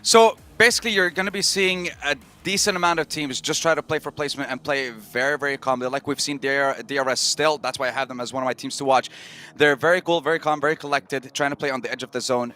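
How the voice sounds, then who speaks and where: A man explaining team strategy at an esports desk in an energetic way. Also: mid-range voice, quick pace. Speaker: desk analyst. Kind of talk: esports analysis.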